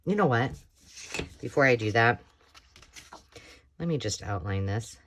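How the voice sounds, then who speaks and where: A middle-aged American woman with a slightly hoarse voice, chatting casually while making a craft project. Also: very deep voice, lively intonation, measured pace. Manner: chatty, rambling, self-talk while working. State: slightly hoarse, frog in throat. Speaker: crafting tutorial host. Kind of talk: casual craft tutorial chat.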